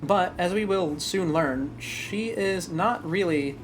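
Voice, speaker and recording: A male streamer who chats eagerly and sometimes trips over his words. His voice sits a little high, with faint game music underneath. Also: takes it slowly. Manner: animated and chatty, stumbles over words. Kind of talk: live stream chat and story reading.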